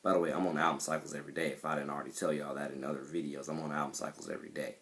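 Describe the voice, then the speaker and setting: A man's voice: rumbling low, level tone, rapid-fire, fairly bright tone. A man who is an independent rapper talks casually about his music, rambling and repeating himself with many fillers. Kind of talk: casual monologue to camera.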